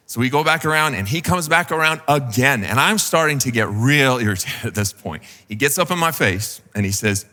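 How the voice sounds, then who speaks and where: A male pastor preaches in a loose, conversational way, full of fillers and little acted-out quotes. His voice is bright and forward. It rings out in a hall with a long reverb. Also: mid-range voice, animated, a little fast. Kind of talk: sermon.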